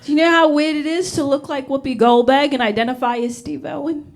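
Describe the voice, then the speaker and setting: A woman's voice: high voice, fairly even intonation, brisk, noisy background. A young woman from Uganda performing a stand-up comedy set on stage before a live audience, with a brash, punchy delivery. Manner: brash, punchy delivery with laughs between jokes.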